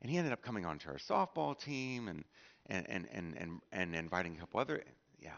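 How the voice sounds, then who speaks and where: A middle-aged male pastor tells stories from the pulpit, stumbling over fillers and restarts and acting out the people in them. His voice sits low but rises and falls a lot. The church livestream sounds muffled and lo-fi. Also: very animated, brisk, gravelly, fairly bright tone. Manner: storytelling, acts out quoted speech with many fillers and restarts. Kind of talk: sermon. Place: church sanctuary.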